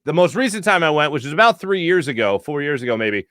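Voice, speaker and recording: A man's voice: fairly high pitch, big pitch swings, fast talker, fairly bright tone, no echo, clean studio sound. A man hosting a sports talk show, chatting casually and telling jokey, rambling stories.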